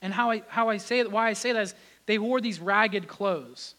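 Man, pastor, sermon, animated delivery, swings between loud emphasis and quiet reflection, high voice. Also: moderate pace. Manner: acts out biblical voices in his telling.

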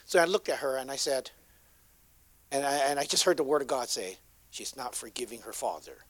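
Animated male preacher telling a story. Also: medium pitch, a little fast, no room sound. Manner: animated, swings from loud to hushed. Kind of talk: sermon storytelling.

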